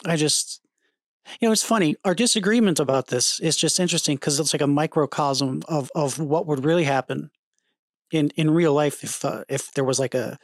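A woman co-hosting a podcast, cutting in and stammering through restarts in casual chat. Her voice sits on the lower side. The sound is dry and close. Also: normal speed, dry recording. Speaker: podcast co-host.

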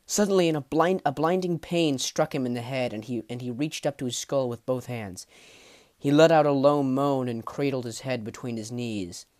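A man narrating a fantasy audiobook in a measured, dramatic way, dropping low at the ends of phrases. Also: darkish tone. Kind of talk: storybook narration.

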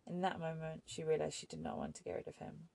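A woman narrating an audiobook in a measured, even storytelling manner. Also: deep voice, gravelly, dry recording.

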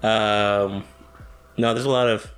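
A young man co-hosting a podcast in casual chat, animated and jokey, laughing often. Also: fairly low pitch, slow pace, smooth. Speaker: podcast co-host.

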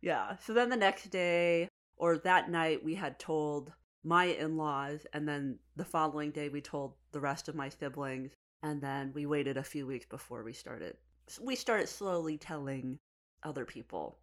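A woman's voice: low voice, measured pace. A pregnant woman chatting casually, telling a family story animatedly and laughing often. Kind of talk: casual chat.

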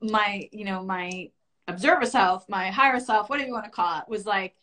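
A woman with a bright, forceful voice, talking at an average pitch for a woman. She recounts a personal experience in a candid, reflective way. She sounds earnest as she works through it with the person she is talking to. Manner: earnest and reflective, rising high and fast when reliving panic.

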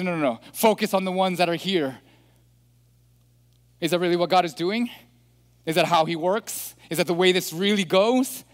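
A man preaching a sermon as pastor, animated and throwing rhetorical questions at the congregation. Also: sits high. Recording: long hall reverb.

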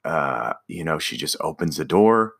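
A man's voice: extremely low pitch, expressive, measured pace, vocal fry, fairly bright tone. A man casually telling a personal story about a driving job, rambling with restarts and fillers.

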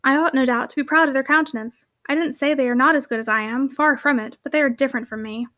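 Woman reading a weary young hostess, earnest, sighing, high and quick. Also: steady tone, a bit bright. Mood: anxious.

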